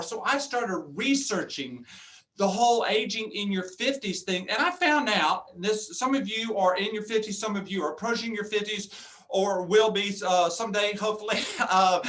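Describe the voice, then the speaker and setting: A man in his fifties speaks as a motivational speaker on a video call. His voice sits high and sounds crisp and bright. He talks with lots of energy, cracks jokes and laughs often. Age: 50s.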